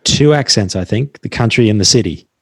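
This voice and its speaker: A man's voice: lowish voice, expressive, fairly quick, husky, dry recording. Laid-back Australian man, podcast host. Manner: laid-back, jokey, matey. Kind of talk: casual podcast interview.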